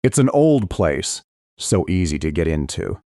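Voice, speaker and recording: A man's voice: low-pitched, very animated, unhurried, mellow, dry recording, exaggerated voice. A mocking teenage bully with a sneer in every line, put on by a man reading the book. The voice jumps around restlessly and sits close and dry, like a studio read. He taunts with lazy contempt. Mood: taunting.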